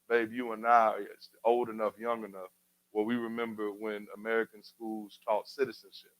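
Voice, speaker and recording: A man's voice: on the low side, level tone, moderate pace, dry recording, poor audio. A man hosting a community talk show, speaking in a preacherly way with rhetorical questions and building emphatic refrains. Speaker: radio show host. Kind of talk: community talk radio commentary.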